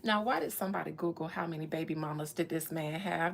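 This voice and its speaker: A woman's voice: low voice, fast talker, creaky, hardly any pauses. A woman doing a spiritual reading, chatting casually with viewers, playful and slangy with laughing asides. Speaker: spiritual reader talking to viewers. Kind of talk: casual livestream chat.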